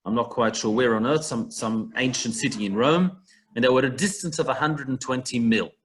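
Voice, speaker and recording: This is an online text study class in which a man works through a Talmud passage over a video call. He speaks at a medium pitch and a brisk pace, keeping it conversational and using everyday comparisons.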